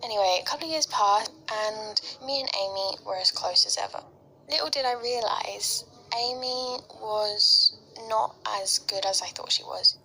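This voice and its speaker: A woman with an English accent telling a story in a chatty way, often slipping into soft whispers. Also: medium pitch, normal speed, creaky, rough recording. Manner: chatty, heavy use of "like", drops into soft whispers.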